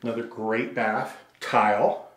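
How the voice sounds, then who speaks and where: A man's voice: on the low side, steady tone, unhurried, fairly bright tone. A middle-aged man giving a rambling, joking house tour as a real estate agent, slightly out of breath. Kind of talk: casual walkthrough talking to camera. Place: inside a large empty house. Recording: echoey empty rooms.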